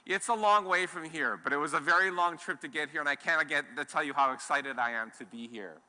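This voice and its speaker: A man's voice: fairly high pitch, brisk, sharp tone. A middle-aged man from Hawaii giving an enthusiastic keynote talk on a conference stage, with some restarts. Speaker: conference speaker. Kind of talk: keynote talk to a live audience. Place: large conference hall. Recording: long hall reverb.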